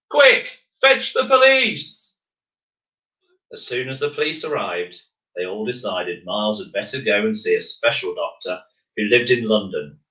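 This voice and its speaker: A man reading a children's picture book aloud as a bedtime story, animated, acting out the shouts and crashes. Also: lowish voice. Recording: echoey room, mic at a distance.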